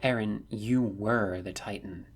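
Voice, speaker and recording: A man's voice: on the low side, takes it slowly, breathy edge, full character voice. A man voicing a curt, serious young woman soldier who speaks tersely. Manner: terse, blunt.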